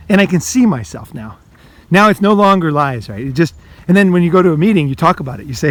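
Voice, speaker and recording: A man's voice: a little high, lively intonation, fast talker. A man who coaches and hosts videos, talking bluntly to the viewer in a casual monologue, full of profanity and "you know"s, acting out inner voices. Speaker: life coach and video host.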